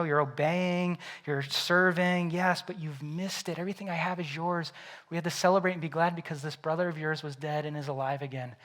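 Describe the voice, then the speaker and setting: A male pastor delivers a sermon with lively energy. His voice sits a little higher than most men's, and he slips into the voices of the story's characters as he preaches. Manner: animated, acts out Bible characters in quoted voices.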